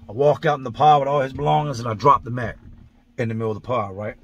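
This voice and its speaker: A man's voice: mid-range voice, steady tone, fast talker, highs cut off, slight background noise. A man telling a story from his past in a casual monologue, blunt, profane and full of street slang, describing events step by step. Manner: vivid, blow-by-blow retelling. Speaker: vlogger recounting prison experiences.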